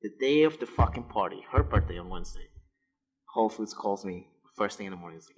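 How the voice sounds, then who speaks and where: A man's voice: fairly low pitch, quick pace, background noise. Profane storytelling man. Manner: profane, animated, gets worked up. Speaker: podcast host. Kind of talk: casual storytelling.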